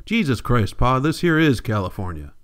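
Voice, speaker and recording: A man's voice: mid-range voice, big pitch swings, moderate pace, clear, resonant tone, lightly acted. A man reading the part of a restless young farmhand in plain rural folk speech. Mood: wondering.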